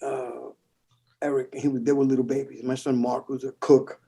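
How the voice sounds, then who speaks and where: A middle-aged man from the Bronx with a New York accent, telling stories in a casual interview, animated and swearing, acting out the voices of people in them. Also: mid-range voice, moderate pace, gravelly, slight background noise. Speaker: guest percussionist.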